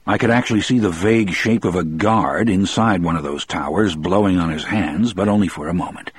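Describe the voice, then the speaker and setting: Deep, husky male audiobook narrator. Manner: measured, steady storytelling. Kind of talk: audiobook reading, first-person.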